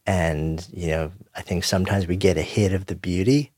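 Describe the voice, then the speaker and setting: A man hosting an interview, thoughtful, building his points slowly and reflectively. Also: low-pitched, steady tone, a little mellow, no echo, clean studio sound. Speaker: podcast host. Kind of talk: conversational interview.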